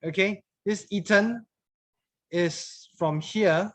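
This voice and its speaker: High-voiced man teaching English grammar. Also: slow pace. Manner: patient, repeats phrases, mixes in Mandarin words. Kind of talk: classroom grammar lesson.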